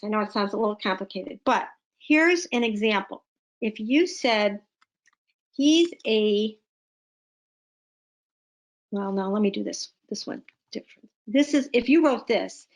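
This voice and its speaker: A woman teaching a punctuation lesson, explaining patiently with playful emphasis. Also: medium pitch. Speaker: literacy teacher. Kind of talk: classroom lesson.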